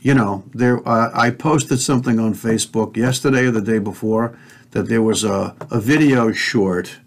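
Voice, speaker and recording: A man's voice: fairly low pitch, steady tone, moderate pace. A man hosting a talk show, ranting in a fiery, preachy way and swearing as he speaks straight to his listeners. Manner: fiery, profane, preachy, addresses listeners directly. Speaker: podcast host. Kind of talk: heated conspiracy talk show rant.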